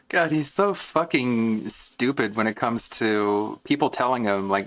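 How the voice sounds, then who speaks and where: A man's voice: mid-range voice, takes it slowly, fairly bright tone. A man streaming and reacting to clips in casual commentary, mocking and swearing as he rants. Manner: mocking, profane ranting.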